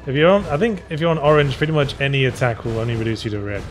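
A man's voice: medium pitch, racing, soft background music. A man giving dry, sarcastic commentary while playing a video game, humming and muttering to himself as he goes. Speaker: let's play co-host. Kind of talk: casual gameplay commentary.

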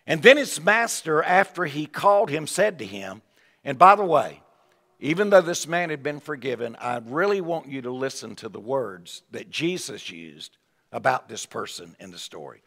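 A man preaching a revival sermon in a folksy, animated way, with asides and repeated words. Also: medium pitch, moderate pace. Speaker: evangelist preacher. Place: large church sanctuary. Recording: long hall reverb.

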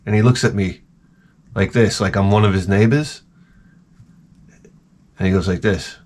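A man's voice: lowish voice, moderate pace, darkish tone. A middle-aged man, host of his own channel, telling rambling comic stories in a profane, ranting way. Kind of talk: rambling comedic monologue.

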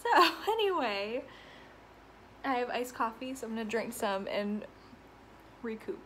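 A woman's voice: a little high, big pitch swings, a little slow, long pauses, fairly bright tone, a little hiss or hum, low-quality recording. A woman hosting her own podcast from her apartment, chatting casually and rambling, often laughing, out of breath and stuffy from allergies. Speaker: podcast host. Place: home apartment with windows open.

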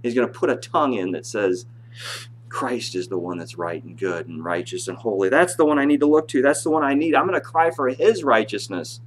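A male pastor preaches a sermon in church with a brisk, sing-song delivery. He reads scripture aloud in a rising voice, then drops low to explain it.

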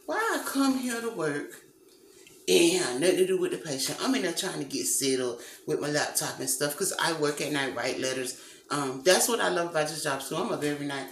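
Speaking in a low-pitched voice, a woman vlogs from her kitchen with the lights off, rambling casually and addressing viewers as "y'all." The recording carries some hiss or hum, an echoey room sound, and faint ambience.

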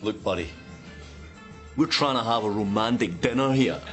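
An actor playing a Scottish actor gone Hollywood, with an affected, Americanised Scottish accent and a smooth manner. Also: male voice, lowish voice, moderate pace, a bit bright, faint music behind, close to an everyday voice. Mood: smug. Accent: Scottish with put-on American polish.

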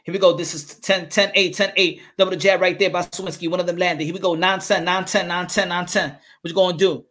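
A man calling a boxing fight live as channel host, excitable, repeating his calls and swearing. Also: sits high, brisk, few pauses.

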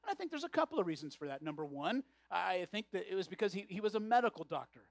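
A man's voice: sits high, lively intonation, fast talker, gravelly, no room sound. Man preaching a sermon, dry close sound. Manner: repeats words as he restarts phrases. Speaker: pastor.

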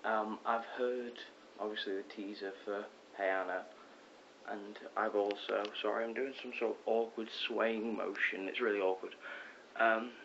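A teenage boy vlogging from his bedroom, rambling excitedly with lots of ums and self-corrections. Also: on the low side, a little slow. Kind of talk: casual rambling vlog. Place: bedroom at home. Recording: dull lo-fi with faint hiss.

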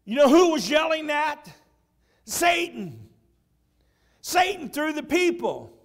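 A pastor preaching with a striking high-pitched voice. He builds his sermon with fervor and breaks into shouting at the big moments. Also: big pitch swings, takes it slowly. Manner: impassioned preaching, shouting at peaks.

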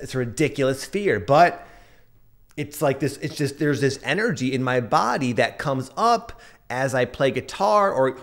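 Earnest male astrology reader in his thirties, relaxed chat with personal asides, average pitch. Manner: earnest, reflective, tells personal anecdotes. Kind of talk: casual spoken astrology update.

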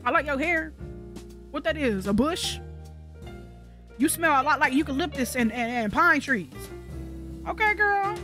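A woman with a high voice gives a comedic let's-play commentary, cursing and joking back at the game characters. Faint game music sits behind her. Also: normal speed, long pauses. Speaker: gaming channel host.

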